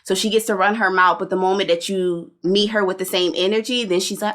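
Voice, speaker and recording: Woman, podcast co-host, blunt, animated, slangy, casual chat. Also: medium pitch, fairly quick, hardly any pauses. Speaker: podcast co-host reviewing a reality show.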